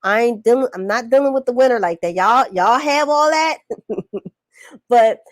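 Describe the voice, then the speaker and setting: Woman coach, high-pitched, dry close sound; animated, colloquial motivational live-stream talk. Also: a little fast, no echo. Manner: animated, preachy, colloquial, calls audience y'all. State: recovering from illness, on antibiotics. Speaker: business coach.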